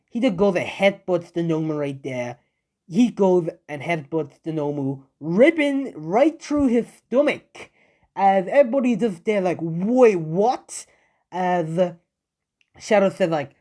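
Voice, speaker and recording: A young man improvising a fan story out loud, rambling, with many fillers and self-corrections. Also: fairly high pitch. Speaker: fan-fiction narrator.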